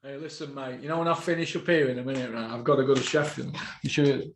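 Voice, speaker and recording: A man hosting a boxing podcast, ranting, swearing and bursting into shouts. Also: mid-range voice, fairly even intonation, fast, reverberant, a little hiss or hum.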